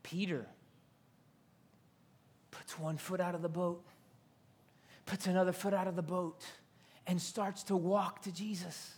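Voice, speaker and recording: A man's voice: sits high, flat delivery, unhurried, pauses often, darkish tone, slightly rough. A man preaching a fervent sermon, repeating phrases and dropping to whispers for emphasis. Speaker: pastor.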